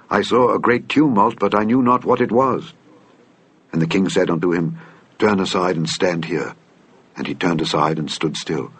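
Guy reading the bible slow and solemn, low husky voice. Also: a bit bright. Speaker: scripture reader.

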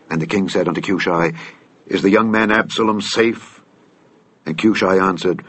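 A man reading an old Bible text aloud in a measured, solemn way. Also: low voice, lively intonation, a bit bright, slightly rough. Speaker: scripture reader.

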